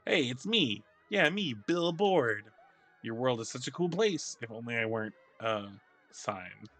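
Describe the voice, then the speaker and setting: Brief: man playing a plaintive talking signpost in a game, drawn-out and slow, lively pitch. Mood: wistful. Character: wistful talking wooden sign, male.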